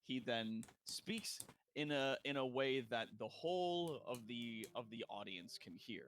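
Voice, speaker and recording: A man's voice: medium pitch, a little slow, a bit bright. A man narrating a tabletop game as dungeon master, casual, with frequent fillers and restarts.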